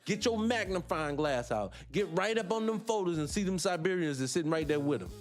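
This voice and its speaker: A male morning-show host delivers a heated livestream monologue in a high voice. He drifts off on tangents, laughs to himself, then snaps back with question after question for his listeners. Faint music plays in the background. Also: lively intonation, fairly quick. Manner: impassioned, fires rhetorical questions at listeners; digresses, laughs between points.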